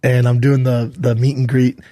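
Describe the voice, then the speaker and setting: A man's voice: medium pitch, normal speed, dry recording. A man with a mid-range voice co-hosts a podcast in casual conversation. He tells an anecdote and voices the people in it. The sound is dry and close. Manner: animated anecdote with quoted dialogue. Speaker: podcast co-host. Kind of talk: casual chat.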